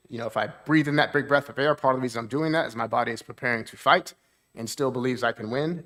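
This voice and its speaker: A man's voice: mid-range voice, fairly bright tone. Man teaching a church seminar on trauma. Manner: explains plainly, checks in with the audience; voice lifts to act out moods. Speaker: therapist. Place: church hall with audience.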